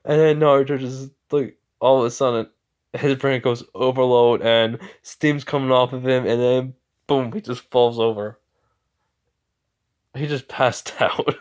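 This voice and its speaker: A man's voice: mid-range voice, steady tone, a little slow, smooth. Rambling man telling a story. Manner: rambling, full of "like" and "you know". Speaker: fan fiction storyteller. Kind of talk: casual improvised story narration.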